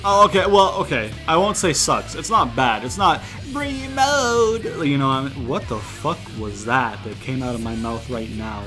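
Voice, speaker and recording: A young man from outside the US giving rambling, profane let's-play commentary, breaking into loud exasperated rants. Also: medium pitch, moderate pace, few pauses, faint music behind. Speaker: gaming YouTuber.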